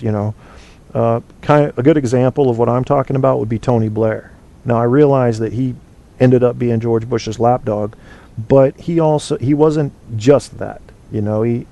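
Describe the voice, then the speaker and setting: A man's voice: mid-range voice, creaky, dark tone. A man hosting a casual call-in show, rambling and opinionated with plenty of fillers and restarts. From United States. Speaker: podcast host.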